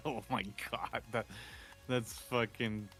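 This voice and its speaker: A man's voice: medium pitch, takes it slowly, a bit bright, faint music behind. A man in casual chat while gaming, laid back and laughing along with the story.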